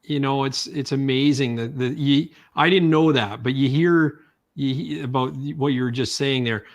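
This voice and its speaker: A man hosting a casual podcast chat, halting and relaxed, reading out listener comments. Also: medium pitch. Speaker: podcast host.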